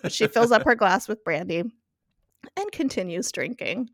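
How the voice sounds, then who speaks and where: Woman, podcast host, casual recap chat, animated, laughs a lot, dry sound. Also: mid-range voice, normal speed, no room sound. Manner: giggly, acts out quotes in animated voices.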